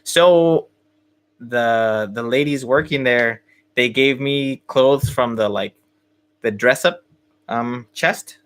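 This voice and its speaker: A man's voice: mid-range voice, steady tone, slow pace, fairly bright tone, smooth. A young man hosting a podcast, telling a story in casual chat with many fillers and restarts. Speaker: podcast host.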